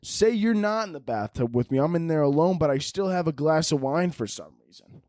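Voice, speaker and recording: A man hosting a solo podcast, rambling through a crude, profane comedic monologue with animated swings in his delivery. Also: a little high, fairly quick, no echo, clean studio sound. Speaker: podcast host.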